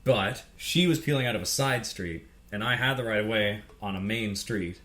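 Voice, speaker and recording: A man's voice: fairly low pitch, normal speed, bright, forceful tone. A man co-hosting a casual podcast, ranting heatedly and swearing freely. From Canada. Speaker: podcast co-host.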